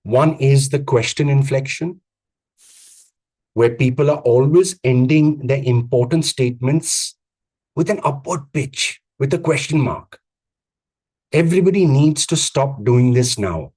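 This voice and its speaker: Husky guy coaching over a video call, punchy repeated lines, slow deliberate pauses. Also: mid-range voice, mellow. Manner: emphatic, repetitive phrasing with deliberate pauses. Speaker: communications coach. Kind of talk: live online coaching talk.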